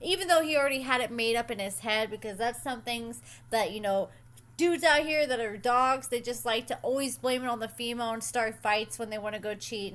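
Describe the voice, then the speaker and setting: A young woman casually recapping and commenting on a reality show, chatty and opinionated with sassy asides. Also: on the high side.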